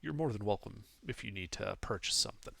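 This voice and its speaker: A man's voice: on the low side, animated, creaky, bright, forceful tone, no room sound, clean studio sound, pitched below the performer's own voice, full character voice. A man voicing a jittery earless alchemist with an odd accent. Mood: sighing. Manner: panicky, hurried.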